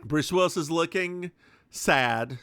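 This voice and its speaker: A man's voice: fairly high pitch, slow pace, smooth, no room sound. A man co-hosting a podcast, camply recapping a TV episode in casual chat and acting out the lines. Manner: camp, animated retelling with put-on voices. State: voice worn from doing accents. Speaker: podcast co-host.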